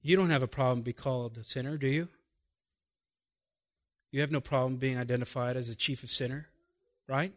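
A pastor preaching a sermon, putting emphatic rhetorical questions to his congregation and dropping to quiet, slow phrases before building again. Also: sits high.

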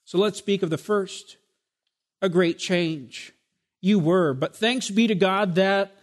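High-voiced, slow-preaching man. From Spanish heritage. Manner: preaching with emphatic rhetorical questions. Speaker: pastor. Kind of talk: sermon.

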